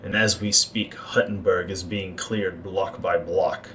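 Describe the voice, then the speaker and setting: A man voicing a scheming male court Maester who speaks in a grave, measured, ominous way. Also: low-pitched, steady tone, pushed and bright, distant mic, a little hiss or hum, low-quality recording. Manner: measured, ominous, deliberate pauses.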